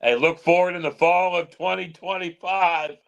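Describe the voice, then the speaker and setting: A man's voice: high-pitched, fairly even intonation, normal speed, vocal fry, a bit bright. A man making short, dry remarks in casual chat.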